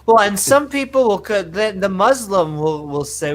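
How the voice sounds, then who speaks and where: A woman hosting a casual podcast panel chat, lively and joking. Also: mid-range voice, normal speed, hardly any pauses. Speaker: podcast host.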